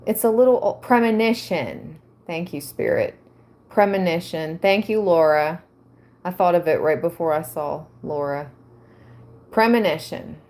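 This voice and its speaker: A woman giving a tarot reading to her viewers, reading aloud and musing with soft exclamations. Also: on the low side, a little slow. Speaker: tarot reader.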